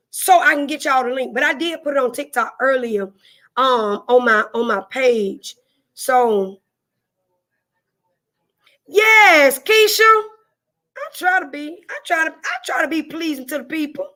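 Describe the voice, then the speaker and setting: Greeting viewers by name and saying things more than once, a Southern-drawling woman keeps her live stream casual and folksy. She has a high-pitched, bright voice with a forceful tone.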